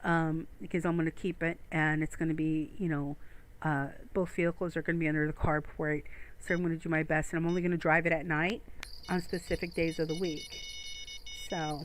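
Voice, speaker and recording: A woman's voice: low-pitched, flat delivery, fairly quick. A woman streaming a fishing game, chatting casually and rambling to her viewers from home. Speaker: gaming streamer. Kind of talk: casual gameplay commentary. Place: home room.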